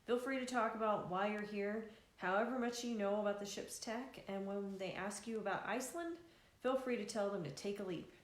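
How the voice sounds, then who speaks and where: A brisk, reassuring man running the trip, read by a woman in her own voice gives quick instructions. The room around the voice is echoey. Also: medium pitch, close to an everyday voice. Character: brisk male tour organizer.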